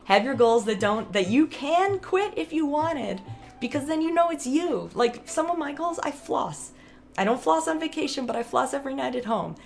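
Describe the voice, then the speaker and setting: A woman's voice: high-pitched, lively intonation, moderate pace, vocal fry, soft background music. A woman vlogger talking casually to camera, chatty and rambling, laughing often.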